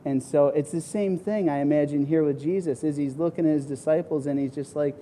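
Pastor guy preaching, super mellow dark voice, kinda high, jumps way up when he acts out quotes, bit of hiss. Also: fairly quick, hardly any pauses. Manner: acts out quoted voices with big pitch swings. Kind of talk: sermon.

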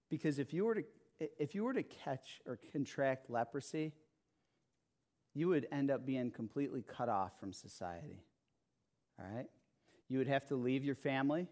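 A man's voice: mid-range voice, darkish tone. A man preaching a sermon, speaking with emphasis, repeating phrases and checking in with "okay?" and "right?". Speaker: pastor.

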